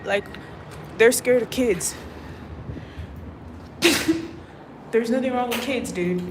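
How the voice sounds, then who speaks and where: A young female vlogger with a fairly high voice rants bluntly and profanely into her phone camera, sounding exasperated, at a moderate pace. She walks around outdoors and indoors, and steady background noise sits under the phone audio.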